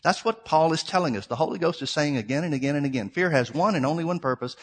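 A middle-aged preacher delivering a sermon to his congregation, moving between scripture reading and plain, conversational explanation. His voice sits a little higher than most men's. He keeps asking rhetorical questions and calls his listeners "folks.". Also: quick pace, hardly any pauses.

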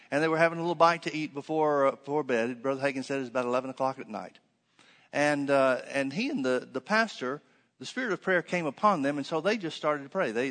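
A man's voice: mid-range voice, fairly bright tone, big-room sound. A man preaching a conversational sermon, telling a story with many fillers and restarts.

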